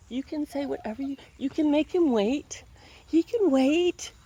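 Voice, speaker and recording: A woman's voice: high voice, unhurried, mellow, muffled recording. A woman reading a picture book aloud, breaking off for playful, wry running commentary.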